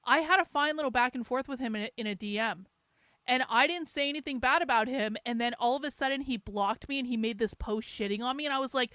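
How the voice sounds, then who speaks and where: Fast and fairly bright, this woman's voice sits high as she hosts her livestream. Middle-aged and sarcastic, she rambles through a casual chat, swearing heavily and laughing. No room sound is audible.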